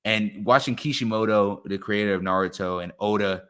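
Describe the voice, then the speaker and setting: Young guy cohosting a podcast, lowish voice, gets all hyped and swears a lot. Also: fairly quick, clear, resonant tone. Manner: animated, swears freely, excitable. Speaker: podcast co-host. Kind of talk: casual chat.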